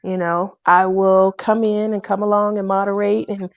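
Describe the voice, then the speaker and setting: A woman telling a personal story in a casual, animated way. She acts out the people she quotes in a loud voice. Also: medium pitch, normal speed, no echo. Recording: dull, dry lo-fi recording.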